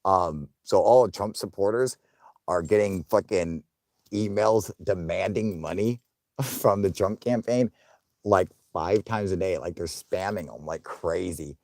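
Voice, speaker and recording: A young man hosting a casual livestream, swearing often, laughing, and loudly thanking viewers for donations. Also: low-pitched, unhurried, no echo, studio quality. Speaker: livestream host.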